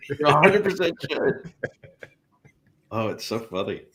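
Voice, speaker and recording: A man's voice: mid-range voice, very animated, a little slow, fairly bright tone, a little hiss or hum. A man hosting a podcast in casual chat, joking, laughing often and drifting into rambling asides. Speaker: podcast host.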